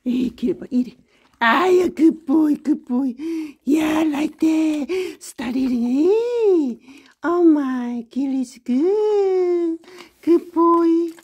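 A woman's voice: high voice, slow, dark tone. A woman gushing in sing-song baby talk to her pet dogs. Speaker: pet owner vlogger.

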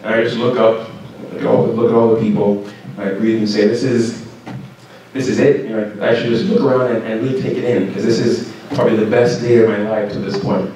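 A young adult man from Canada giving a keynote speech to students at a school banquet, telling his story in a lively way. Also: on the low side, brisk, slight background noise. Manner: lively storyteller who acts out shouted quotes. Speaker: keynote speaker. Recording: very echoey hall, mic far off.

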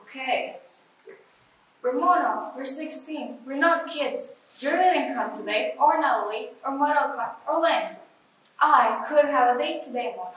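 A woman's voice: sits high, a bit bright. A young woman playing an exasperated teenage girl. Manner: exasperated, complaining. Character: weary sixteen-year-old girl, over childhood games. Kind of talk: stage drama acting. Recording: echoey hall from far off.

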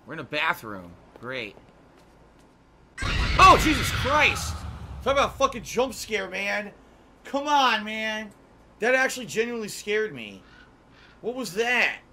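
A man live-streaming a video game, swearing, shouting at jump scares and thanking viewers for donations. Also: high voice, very animated, a little hiss or hum. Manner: profane, quick to yell at scares and thank donors. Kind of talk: live gameplay commentary. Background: game music.

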